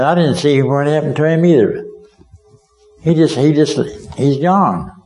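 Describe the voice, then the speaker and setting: A man's voice: medium pitch, darkish tone, rough recording. A man preaching a sermon as a vivid story, speaking as a witness and asking his listeners directly whether they can see it.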